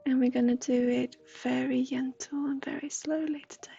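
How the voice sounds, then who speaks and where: A high-pitched woman gives a livestream psychic reading in a soft, half-whispered way. Her voice has a husky, gravelly grain, and she talks slowly, with faint music under her. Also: flat delivery, muffled recording. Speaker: intuitive reader.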